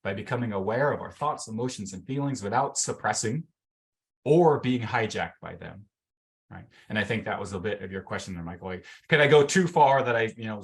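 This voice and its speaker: A man's voice: medium pitch, lively intonation, normal speed. A man coaching a group on a video call, talking casually with lots of fillers and acting out inner voices. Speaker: mental fitness coach. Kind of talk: teaching a workshop session on a video call.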